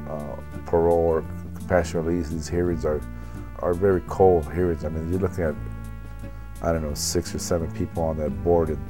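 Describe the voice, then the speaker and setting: A man's voice: low voice, low-quality recording. A man being interviewed who speaks bluntly and plainly. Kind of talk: interview commentary.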